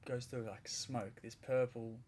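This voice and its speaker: A man's voice: medium pitch, fairly even intonation, a little slow, a little mellow, slight background noise. A man, a podcast guest, telling a vivid story in casual conversation, rambling a little with restarts.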